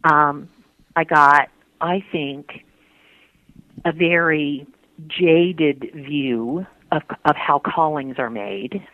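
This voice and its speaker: A woman interviewee talking earnestly about her faith, halting and restarting often. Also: sits low, fairly even intonation, dry recording. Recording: tinny phone-line sound, dry.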